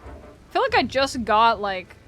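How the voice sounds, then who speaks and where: A woman's voice: a little high, big pitch swings, a little slow, a bit bright, soft background music. A woman streaming a game live, chatting casually with her viewers, swearing freely and laughing often. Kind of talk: casual live-stream chat while gaming.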